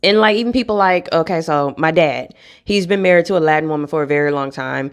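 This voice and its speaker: Blunt low-voiced woman ranting on vlog. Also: quick pace, smooth. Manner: blunt, frustrated, profane, laughs between points. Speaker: vlogger. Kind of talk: candid vlog rant.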